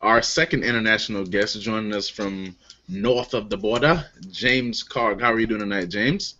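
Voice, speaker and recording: A man's voice: on the low side, normal speed. A man hosting a casual online beer chat show, joking and laughing as he introduces guests. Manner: lively, laughs often, loose and joking. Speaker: podcast host. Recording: lo-fi online call audio.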